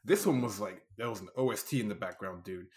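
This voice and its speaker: A man co-hosting a casual film review chat, animated and laughing as he mimics scenes. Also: on the low side, fast talker. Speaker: podcast co-host.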